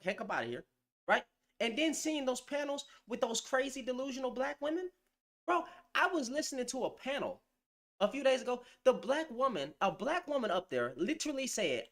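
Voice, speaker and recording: A man's voice: extremely high pitch, lively intonation, a little fast, a bit bright. A man ranting to camera in blunt, slang-heavy commentary, calling people out. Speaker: vlogger.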